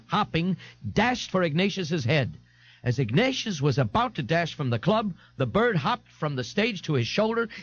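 Expressive male reader for a comic novel, lively delivery, lo-fi. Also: high-pitched, dry recording. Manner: expressive, animated. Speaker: audiobook narrator. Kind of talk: dramatic audiobook reading. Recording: dull lo-fi 1980s audiobook tape.

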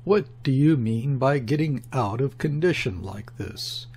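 A condescending, cynical embassy official, voiced by a male reader, speaks with grim mockery and a cutting edge. His delivery is slow and unhurried, and the voice carries a husky grain. It is an audiobook character read from a novel. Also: medium pitch, animated. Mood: scornful. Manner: sharp, grim, sneering. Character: mocking condescending male embassy first secretary.

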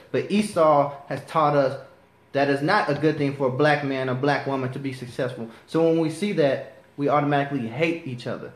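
Male preacher, slightly high voice, impassioned sermon delivery, echoey room. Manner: impassioned, rising to righteous anger. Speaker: preacher teaching a class. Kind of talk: sermon with scripture reading.

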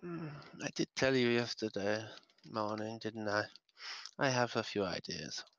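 A man's voice: on the low side, animated, a little slow, a bit bright. A man playing in a tabletop game, speaking hesitantly with many ums. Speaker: player. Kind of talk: tabletop role-play. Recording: dry, slightly muffled.

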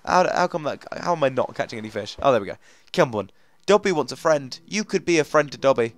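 A man's voice: medium pitch, quick pace. Chatty young man doing game commentary. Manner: chatty, coaxing, easily frustrated, bursts of excitement. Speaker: gaming commentator. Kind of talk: let's play commentary.

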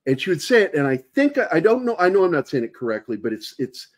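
A man hosting a casual interview chat, talking in an emphatic, animated way. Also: a little high, fast. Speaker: host.

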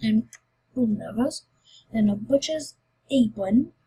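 Very husky, slow-talking woman. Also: a little high, lively intonation, warm tone, rough recording. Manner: rambling and loosely chatty. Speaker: Minecraft YouTuber. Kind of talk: casual giveaway video chat.

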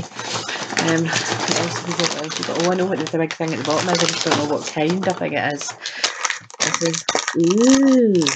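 A woman chatting casually as she unboxes a box of sweets, chirpy and quick to laugh. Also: fairly low pitch, noisy background. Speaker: unboxing vlogger.

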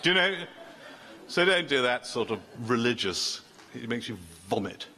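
An older man delivers a sermon in a bright, ringing voice. He talks loosely and conversationally, starting sentences over and joking with the people in front of him. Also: mid-range voice, big pitch swings, normal speed, a little hiss or hum. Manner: chatty, self-interrupting, joking with the congregation. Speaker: preacher.

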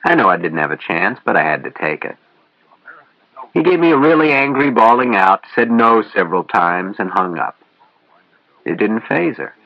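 Deep-voiced male audiobook narrator. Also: lively intonation, moderate pace, no echo, highs cut off. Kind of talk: first-person storybook narration.

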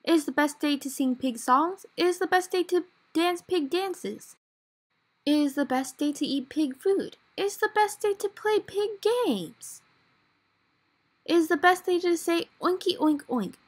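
A cheerful little pink pig from a picture book, read aloud by a woman storyteller. She talks in a high, bouncy sing-song and exclaims at nearly everything. It comes across as a gentle children's book reading. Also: lively intonation, measured pace. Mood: excited. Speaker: library storyteller.

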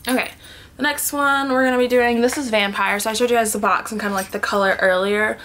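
A woman's voice: on the high side, fairly even intonation, fast talker, slight background noise. Chatty woman swatching lipsticks at home. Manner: chatty, thinks aloud, often drops to soft murmurs and whispers. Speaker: beauty vlogger. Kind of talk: casual product swatching vlog. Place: indoors at home, sitting on the floor.

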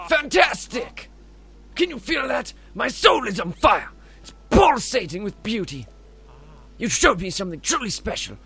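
A man's voice: very high voice, vocal fry, fairly bright tone, pitched above the performer's own voice, heavily acted. A man voicing a flamboyant male fish-man obsessed with diving, with a put-on Scottish accent and a grandiose, exclamatory manner. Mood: ecstatic. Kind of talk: reading game dialogue aloud.

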